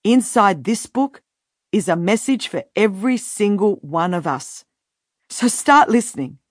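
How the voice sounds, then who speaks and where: A woman reading her own book aloud in an earnest, measured, inspirational way. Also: mid-range voice, lively intonation, dry recording, clean studio sound. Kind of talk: scripted audiobook narration.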